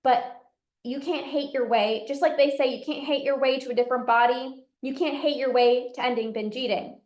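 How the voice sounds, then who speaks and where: A woman's voice: high voice, fairly even intonation, moderate pace, a little mellow, reverberant. A woman hosting a solo podcast as a coach, talking in an earnest, encouraging way. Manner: earnest, encouraging, acts out inner voices. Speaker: podcast host and binge eating coach.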